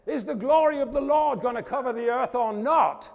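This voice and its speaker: A man preaching a sermon as pastor, fervent, calling out to the congregation and swinging from loud declarations to hushed asides. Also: very high-pitched, normal speed, gravelly, long reverb tail. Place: church.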